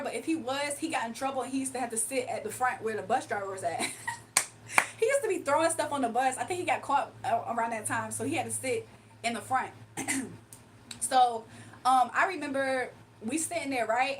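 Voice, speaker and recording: A young woman livestreamer telling a story to her chat in an animated, chatty way with asides. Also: high voice, brisk, far from the mic, a little hiss or hum, low-quality recording. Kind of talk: casual storytelling to a live chat.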